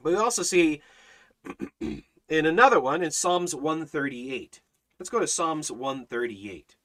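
Bright-voiced man preaching emphatically. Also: fairly high pitch, expressive, unhurried. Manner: emphatic, repetitive preaching with rhetorical questions; reads scripture aloud in King James wording. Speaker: Bible study teacher. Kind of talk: livestreamed Bible study sermon.

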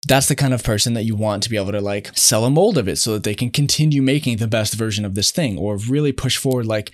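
A man co-hosts a casual podcast, speaking fast and with strong opinions. His pitch is mid-range and the sound is dry. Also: no echo. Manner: fast, opinionated, many fillers. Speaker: podcast co-host.

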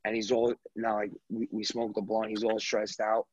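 A man hosting a casual podcast, telling a story excitedly with lots of slang. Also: lowish voice, normal speed, husky, no room sound, muffled recording. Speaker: podcast host.

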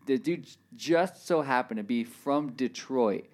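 A man's voice: medium pitch, unhurried, a little hiss or hum. Man telling a rambling story. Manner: rambling, animated, says "dude" and "like" a lot. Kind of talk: casual storytelling chat.

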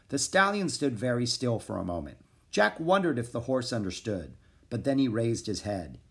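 A man narrating a children's chapter book in a calm, even reading voice. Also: mid-range voice, moderate pace, vocal fry. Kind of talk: storybook narration.

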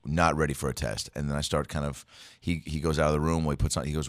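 Very low-voiced young man, rambling and profane, casual storytelling, dry close sound. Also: level tone, fast, no room sound. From Seattle area, USA. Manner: rambling, profane, puts on voices of old teachers.

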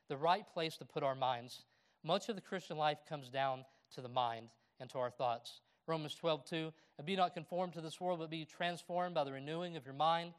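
A middle-aged man preaching a sermon, reading scripture aloud and telling personal stories with a laugh. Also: a little high. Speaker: pastor.

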